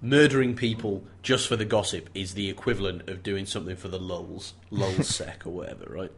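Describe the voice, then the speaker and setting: A man's voice: low voice, fairly even intonation, fairly quick, a little hiss or hum. A man co-hosting a casual book chat, wry and joking with playful sarcasm. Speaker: podcast co-host. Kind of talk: casual chat about a mystery novel.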